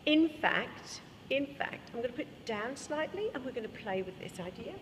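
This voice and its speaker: A woman's voice: high voice, expressive, moderate pace. An Australian woman leading a choir workshop, explaining vocal technique and singing short examples. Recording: reverberant hall, faint room noise.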